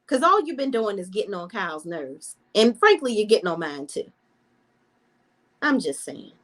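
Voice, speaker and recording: A woman talks straight into the camera, reviewing reality TV in a blunt, sassy way. Her pitch rises and falls widely as she gets animated, at a middle pitch overall. Her delivery stays casual and opinionated. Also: normal speed. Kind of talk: casual commentary vlog.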